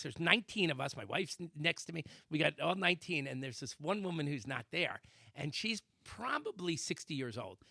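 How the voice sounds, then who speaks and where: Gravelly bright-voiced guy on talk radio, telling a funny story all animated, dry studio sound. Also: fairly high pitch, no room sound. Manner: animated storyteller with sound effects and shouted quotes. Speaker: radio show co-host. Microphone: studio microphone.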